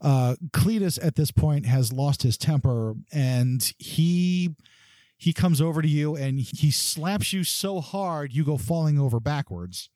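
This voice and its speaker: A man's voice: on the high side, expressive, measured pace, mellow, no room sound, studio quality. A man narrating as game master of a tabletop game, telling the scene loosely with many fillers.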